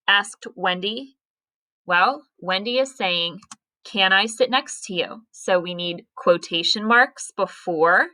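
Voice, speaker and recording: Slow, bright-voiced woman teaching grammar. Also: medium pitch. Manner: slow, careful, spelling out punctuation step by step. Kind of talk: recorded grammar lesson.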